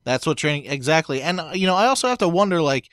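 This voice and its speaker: A young man co-hosting a podcast in casual sports chat, easygoing and often laughing, with halting restarts. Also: a little high, very animated, fairly bright tone, smooth, dry recording, studio quality. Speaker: podcast co-host.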